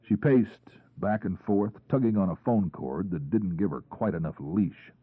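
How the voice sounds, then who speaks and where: A man narrating a crime novel in the first person, with a measured storytelling delivery. His voice sits low and has a husky, breathy grain. The recording is dry and band-limited, and sounds tinny, like a phone line. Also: no echo. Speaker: audiobook narrator.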